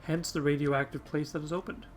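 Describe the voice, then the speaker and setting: A man's voice: fairly high pitch, flat delivery, a little fast. A man hosting a let's play, reading game text aloud and chatting wryly to himself, swearing now and then. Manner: wry, swears casually, mutters to himself. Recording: with faint game music behind.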